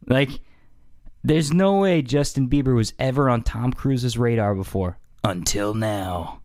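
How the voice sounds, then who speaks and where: A man hosting a podcast in a casual, joking monologue, animated and swearing freely. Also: mid-range voice, measured pace, no echo, studio quality. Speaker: podcast host.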